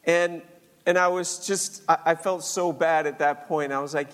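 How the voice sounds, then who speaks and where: An older man with a fairly high voice tells a personal story earnestly. His words ring with a long hall reverb. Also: level tone, a little slow, a bit bright. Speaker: speaker sharing a faith story.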